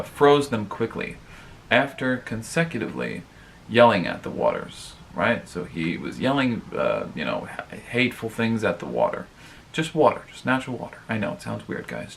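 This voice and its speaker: Speaking with a lowish, creaky voice that swings widely in pitch, this vlogger moves at a moderate pace through his own advice show. He rambles casually, leans heavily on fillers and keeps addressing his viewers directly, over slight background noise.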